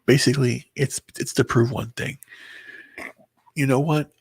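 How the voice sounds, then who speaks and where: A very tired man talking to his viewers in a halting personal monologue, often stumbling and restarting his words. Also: mid-range voice, steady tone, vocal fry, slightly rough, no room sound. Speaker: vlogger. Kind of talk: rambling personal monologue to camera.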